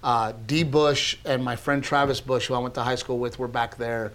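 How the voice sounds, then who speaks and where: A middle-aged man, a comedian and podcast host, telling a story in casual chat, animated and swearing freely. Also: medium pitch, normal speed. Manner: animated, swears freely, laughs through acted quotes.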